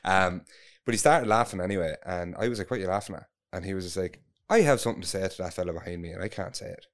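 A man's voice: low voice, fast. An Irish man telling a long story in casual chat, rambling, swearing freely and restarting his sentences.

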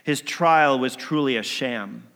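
A man's voice: medium pitch, slow pace. Man preaching in a reverberant hall. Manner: dramatic, swings from emphatic to hushed. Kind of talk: sermon storytelling.

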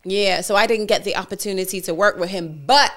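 A woman in her forties from Britain, with a British accent twisted by Brooklyn, telling animated stories as a radio DJ guest in a casual interview. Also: medium pitch, brisk. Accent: British mixed with Brooklyn. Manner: animated storyteller, acts out quoted voices.

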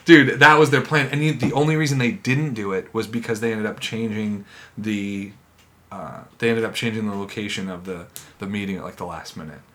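A man chatting casually on a podcast, telling animated stories with plenty of swearing and laughter. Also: lowish voice, fairly quick. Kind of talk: casual chat.

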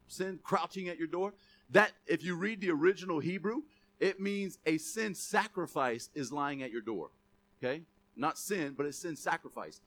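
A man's voice: on the high side, a bit bright. A male pastor preaching a sermon in a conversational, punchy style, joking and checking in with the congregation. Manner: conversational, punchy, asks the congregation "Amen?" and "right?"; joking, chuckles often.

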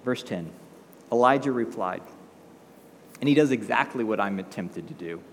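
A man's voice: on the low side, lively intonation, moderate pace, pauses often, a little hiss or hum. Conversational male pastor, echoey hall. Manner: conversational, rhetorical questions, acts out quotes. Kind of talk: sermon.

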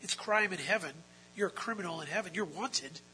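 A man preaching a sermon, emphatic, moving between quiet explanation and loud, drawn-out stresses. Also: high voice, slight background noise, rough recording. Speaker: pastor.

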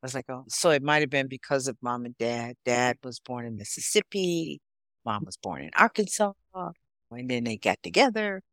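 A woman in her sixties from Chicago, a guest on a podcast. She chats in a relaxed, storytelling way, with an animated delivery. Her voice is fairly low for a woman and sounds dry and close on the mic. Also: normal speed, no room sound. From Chicago, USA. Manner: storytelling, animated, laughs often. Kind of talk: casual interview chat.

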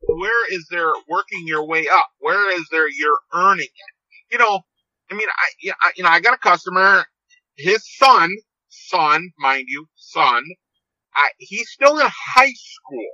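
A man's voice: sits high, lively intonation, unhurried, sharp tone, dry recording. A man in his fifties, a podcast guest calling in by phone, telling stories in a rambling way that keeps repeating and restarting phrases. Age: 50s. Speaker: podcast guest, seed company owner. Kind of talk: casual storytelling interview. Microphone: phone call. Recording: dull, dry phone-call audio.

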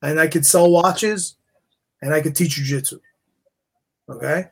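A middle-aged man from New York chats as a podcast guest, his voice husky and a touch higher than most. He rambles, restarts his thoughts and leans on "you know" and "right?" between points. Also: unhurried. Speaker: guest, jeweler and jiu-jitsu black belt. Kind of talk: casual podcast interview.

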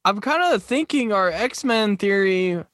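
Podcast host with a dry, close sound. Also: male voice, high voice, animated, a little slow, fairly bright tone, no echo. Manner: steers the talk and asks the others questions. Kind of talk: casual podcast chat.

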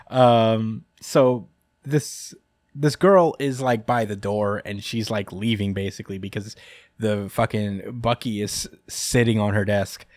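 A man with a lowish, darkish voice speaks slowly and steadily, with no echo. He's a podcast host recapping a chapter in a casual, rambling way, full of ums and frequent laughs.

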